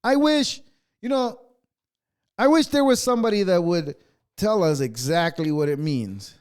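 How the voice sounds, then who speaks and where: A man's voice: sits high, lively intonation, unhurried, a little mellow, smooth. A man hosting a podcast, ranting casually in a profane, rambling way. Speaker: podcast host.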